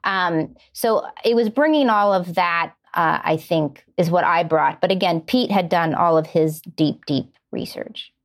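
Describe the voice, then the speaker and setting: A woman's voice: on the low side, a little slow, few pauses. Earnest middle-aged woman explaining her craft. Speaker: screenwriter guest. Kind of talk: podcast interview answers.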